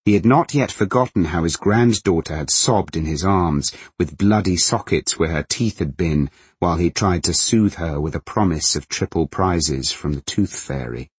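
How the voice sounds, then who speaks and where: A man narrating a novel in a measured, even manner. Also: low voice, breathy edge, dry recording. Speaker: audiobook narrator.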